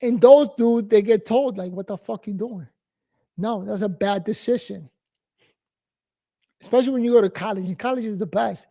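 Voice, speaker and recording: A man's voice: sits high, normal speed, creaky, mellow. A man in his forties from New York, giving a blunt, profane, rambling casual monologue as host.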